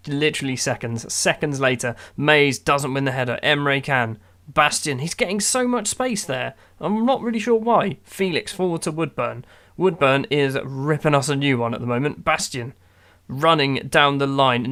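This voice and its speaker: A gaming YouTuber offers wry, exasperated play-by-play of his own football management game as casual commentary. His voice is medium-pitched and a bit bright.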